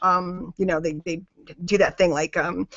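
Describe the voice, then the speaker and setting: A woman's voice: lowish voice, steady tone, moderate pace, gravelly, a bit bright, no echo, highs cut off. A woman coaching a network marketing team on a group call. She talks emphatically and repeats her key phrases for weight.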